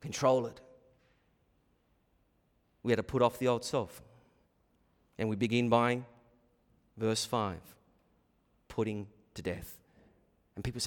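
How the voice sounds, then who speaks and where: A middle-aged man preaching a sermon as pastor, shifting between quiet asides and emphatic points. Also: medium pitch, fairly even intonation, takes it slowly, long pauses. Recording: long hall reverb.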